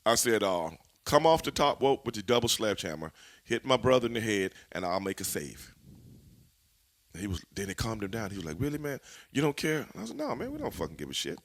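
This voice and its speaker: Animated, profane man telling wrestling stories. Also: lowish voice, a little fast. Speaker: interview guest, former wrestler. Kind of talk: storytelling in a shoot interview.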